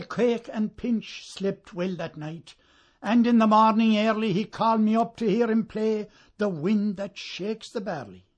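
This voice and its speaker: A man reciting a narrative ballad in a measured way, letting lines trail off softly at the ends. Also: sits high. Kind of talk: poetry recitation.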